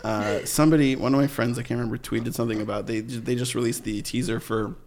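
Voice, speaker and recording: A man co-hosting a casual podcast. He jokes around loosely and lets his sentences trail off. The voice sits at an average pitch for a man. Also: fairly even intonation, fast, crowd noise. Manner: jokey, playful, trails off mid-sentence. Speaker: podcast co-host. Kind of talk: casual chat. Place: Glendale, California.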